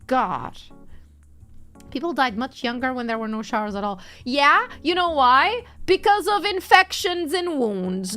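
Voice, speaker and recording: A woman's voice: high-pitched, bright, forceful tone, clear, resonant tone. A young woman streamer in a casual chat stream, reading chat and answering in a playful, teasing way, laughing often. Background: faint background music.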